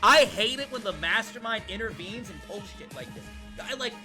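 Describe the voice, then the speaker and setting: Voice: medium pitch, lively intonation, moderate pace, pushed and bright, faint music behind. A streamer giving profane, ranting live gameplay commentary and chatting with viewers.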